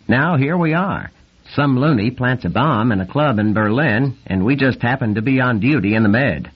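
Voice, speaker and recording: A man voicing an excitable young male navy lieutenant, brash and nasal, talking fast and swearing freely in an audiobook reading. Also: on the low side, slightly rough. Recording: dull lo-fi recording.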